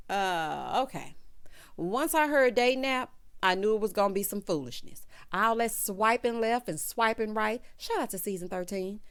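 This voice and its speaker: Sassy animated woman recapping TV. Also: medium pitch. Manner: sassy, animated, acts out quotes in voices. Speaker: reality TV recap host. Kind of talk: casual recap commentary.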